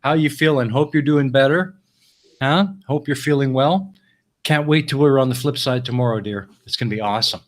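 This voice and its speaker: A man's voice: medium pitch, a little fast. Friendly guy hosting a live stream, casual chat, medium voice. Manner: friendly, greets chat viewers by name.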